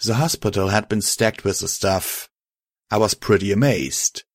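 A man narrating a story audiobook in a steady, matter-of-fact reading. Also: lowish voice, measured pace, no room sound, studio quality. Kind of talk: audiobook narration of fan fiction.

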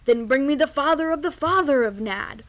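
A woman voicing a blustering, impatient king who speaks in a loud, commanding way. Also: high-pitched, normal speed, slight background noise.

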